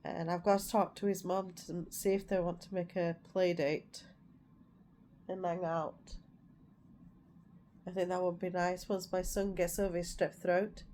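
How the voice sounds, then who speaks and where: A woman's voice: lowish voice, dark tone, a little hiss or hum. A middle-aged woman vlogging in a rambling, casual way, repeating herself as she tells family stories. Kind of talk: casual chat to camera.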